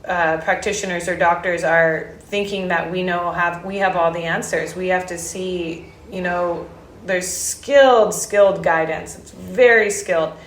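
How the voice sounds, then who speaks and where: A woman's voice: fairly low pitch, fairly even intonation, unhurried, slight background noise. A woman from Hawaii, an Ayurvedic practitioner, talking casually in an interview with frequent fillers and restarts. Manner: warm storytelling with hesitant fillers. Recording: roomy echoey sound.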